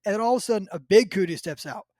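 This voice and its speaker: A man with a high, light voice tells a story in casual podcast chat. He acts out what people said and often laughs as he goes. The sound is dry and close, with no room in it. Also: rapid-fire, darkish tone, no echo. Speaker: podcast host.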